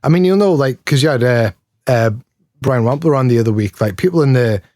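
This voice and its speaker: A Geordie man from Newcastle, England, a pedal builder appearing as an interview guest, talks casually in a mid-range voice with lively intonation. He speaks a little fast, with a mellow tone, rambling, joking at his own expense and laughing often. The recording is dry and clean, with studio sound.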